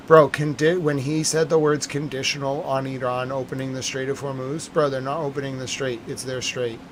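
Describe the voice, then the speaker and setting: A man's voice: medium pitch, steady tone, normal speed, few pauses, a little hiss or hum. A man giving live-streamed commentary on breaking news, agitated and emphatic, repeating his points.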